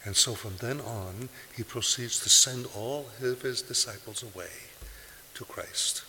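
Male preacher, bright forceful tone, emphatic delivery, long hall reverb with faint hiss. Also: medium pitch, a little slow. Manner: emphatic, rising to forceful peaks when quoting scripture. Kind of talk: sermon. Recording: hissy recording in a large reverberant hall.

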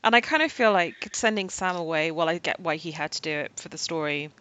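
A woman with a notably low voice hosts a casual book podcast and gives emphatic, analytical opinions. She builds each point in full sentences, with lively stress on key words. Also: a little fast, slight background noise. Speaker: podcast host.

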